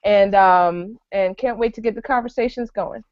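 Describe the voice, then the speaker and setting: A woman hosting an online education show, making quick promotional announcements before handing over to the moderator. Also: mid-range voice, dry recording. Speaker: show host. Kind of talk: announcements and introduction. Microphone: video call. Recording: dry lo-fi web call audio.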